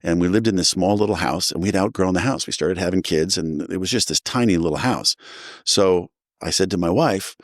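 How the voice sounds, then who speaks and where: A middle-aged man from New Jersey, a guest sharing his recovery story, speaks casually and animatedly, slipping into the voices of people he quotes. His low, dry voice sounds close and moves fast, and it feels like relaxed conversation, not a prepared talk. The recording is dry.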